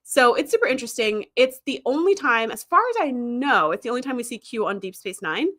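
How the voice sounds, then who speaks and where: Brisk and a bit bright, with lively intonation and a slightly high pitch, a woman hosts a relaxed livestream and reads through the chat. She chats, laughs a lot, and performs the lines she quotes while recounting scenes.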